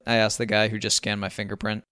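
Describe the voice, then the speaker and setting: Young male narrator for a first-person story; wry, even delivery, low pitch. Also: fast talker, clean tone.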